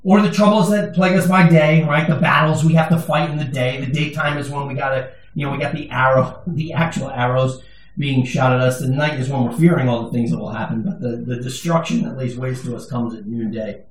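Heard at a distance in an echoing church sanctuary, this male pastor's sermon is conversational and emphatic, with flashes of humor. He speaks briskly, his medium-pitched voice holding a steady tone.

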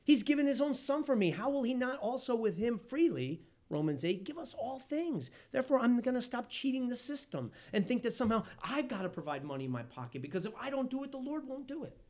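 A man preaching a sermon as pastor, animated, swinging between loud emphasis and hushed tones. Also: very high voice, fairly quick, few pauses.

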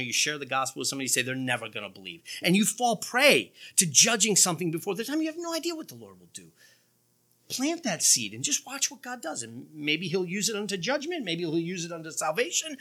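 A male preacher delivering a sermon with a bright, forward voice. His delivery swings widely in pitch, and he leans hard into sarcastic lines and throws in quick remarks to the congregation. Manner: animated, sarcastic emphasis, quick asides to the congregation. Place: church.

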